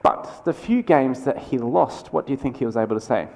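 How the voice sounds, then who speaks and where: Aussie guy giving a keynote, chatty and quick, mid pitch, big echoey lecture hall. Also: gravelly. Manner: conversational and energetic, with quick asides and restarts. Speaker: keynote speaker. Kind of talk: conference keynote talk. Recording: lecture hall with long reverb.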